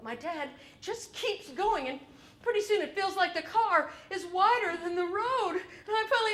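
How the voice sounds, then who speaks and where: A woman performing a solo stage show, telling her family story in an animated, comic, wry way. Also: very high voice, moderate pace. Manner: animated, comic, shifts between wry and loud.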